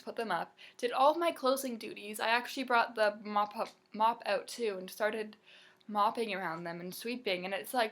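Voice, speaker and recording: A young woman vents to her camera in a casual vlog rant. She tells her work story in an animated, exasperated way and swears freely. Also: medium pitch. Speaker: vlogger, waitress.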